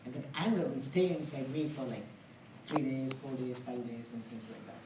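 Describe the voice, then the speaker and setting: This spiritual lecturer speaks with a mid-range voice at normal speed, and there's background noise. He talks conversationally and earnestly in a temple hall, using everyday examples in plain language. A far-off microphone picks up the room's spaciousness.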